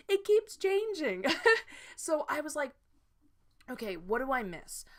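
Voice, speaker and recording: A woman's voice: mid-range voice, fairly bright tone. A chatty woman vlogger talks her way through a game build in loose, rambling sentences. She giggles often and restarts her thoughts, with a mid-range voice. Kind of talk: casual chat.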